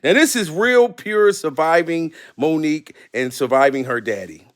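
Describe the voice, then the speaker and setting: A man giving casual, joking reaction commentary on a clip, animated and emotional. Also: on the high side, moderate pace.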